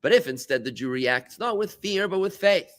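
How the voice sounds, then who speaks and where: A man, a rabbi, giving a lively talk to his congregation and trading remarks with them, with sudden exclamations. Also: moderate pace. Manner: animated, with big pitch jumps and exclamations.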